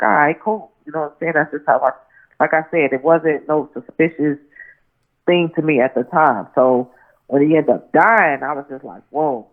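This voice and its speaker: A woman guest telling a story over the phone in a rambling way, full of restarts and "you know what I'm saying". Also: deep voice. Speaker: interview guest. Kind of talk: casual phone interview, storytelling. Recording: tinny phone line.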